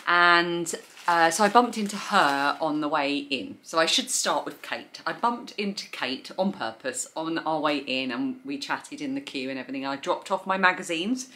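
A woman's voice: low-pitched, lively intonation, moderate pace, bright, forceful tone. A woman vlogging about yarn, chatting enthusiastically from her bedroom floor, rambling with fillers. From England. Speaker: crochet and knitting vlogger. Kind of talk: chatty vlog narration.

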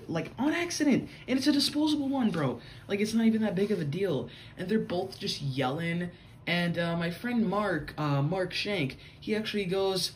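A man's voice: fairly high pitch, a little hiss or hum. A young man telling a casual story-time vlog, rambling with many fillers and a loose, chatty way of talking. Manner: rambling, filler-heavy, says "bro". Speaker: vlogger.

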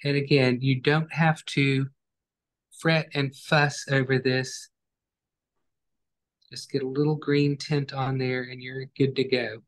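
Slow, calm male painting instructor. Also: mid-range voice. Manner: calm, step-by-step, gentle instructions. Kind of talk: online painting class demonstration.

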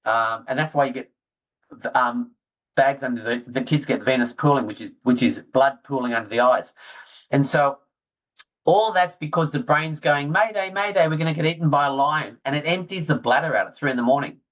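A middle-aged man, talking excitedly as a guest in a casual interview. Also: mid-range voice, moderate pace, poor audio. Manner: excitable, animated storyteller, self-deprecating. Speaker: guest orthodontist.

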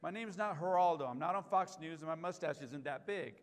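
A man's voice: a little high, fairly quick. A man preaching a sermon as pastor, emphatic, repeating key lines and asking the congregation questions. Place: church sanctuary. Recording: live stream with long hall reverb.

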